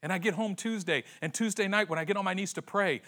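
Male pastor, 40s, high voice, bright tone, fervent sermon, repeats lines, hushed to loud. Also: fast. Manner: impassioned, swinging between hushed and loud; repeats phrases for emphasis.

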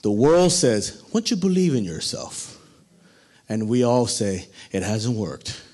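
A man's voice: mid-range voice, big pitch swings, unhurried, darkish tone. A man preaching a sermon, asking the listeners questions and acting out the quoted lines. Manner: dramatic, acts out quotes, asks the congregation questions.

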